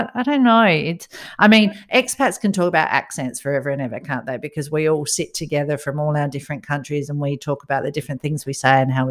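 A middle-aged woman hosting a podcast, telling stories in a lively way and laughing often. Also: fairly low pitch. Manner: lively, laughing, animated storyteller. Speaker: podcast host. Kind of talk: casual chat.

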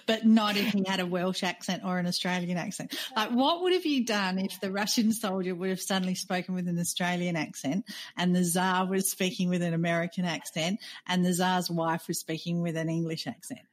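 A woman's voice: on the low side, steady tone, a little fast. A woman co-hosting a podcast, telling a rambling, chatty story in casual conversation. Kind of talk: casual chat.

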